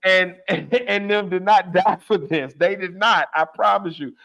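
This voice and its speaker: A man's voice: sits high, a little slow, creaky, fairly bright tone, dull audio. A man co-hosting a podcast, going off on a comedic, profane, exasperated rant in casual talk. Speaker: podcast co-host.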